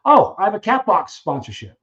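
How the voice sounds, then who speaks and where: A man hosting a casual live Q&A stream, reading viewer questions and answering them in an animated way, acting out little scenes with frequent restarts. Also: sits high, highs cut off. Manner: animated storyteller who acts out scenes, halting restarts.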